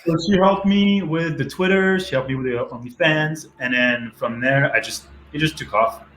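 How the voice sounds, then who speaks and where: A man's voice: a little high, moderate pace, fairly bright tone, a little hiss or hum. A man of about thirty from France with a French accent, talking candidly as an interview guest, joking and laughing often. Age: around 30. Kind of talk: casual interview chat. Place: home kitchen. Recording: roomy home kitchen sound.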